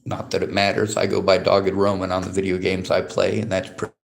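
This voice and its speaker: A man's voice: low voice, monotone, fairly quick, creaky. A man streaming from a library, reading chat comments aloud and answering them in a bitter, profane, lecturing rant. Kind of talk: angry livestream rant.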